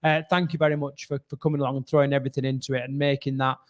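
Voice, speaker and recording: A man's voice: mid-range voice, flat delivery, racing. A man co-hosting a rugby podcast, talking casually, rambling and swearing with frequent laughs. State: hoarse. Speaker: podcast co-host. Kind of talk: casual chat.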